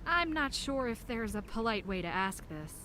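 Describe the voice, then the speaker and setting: An actress voicing a young woman amateur detective in a video game, asking polite, measured questions. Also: on the high side, big pitch swings, music in the background. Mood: curious. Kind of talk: game voice acting.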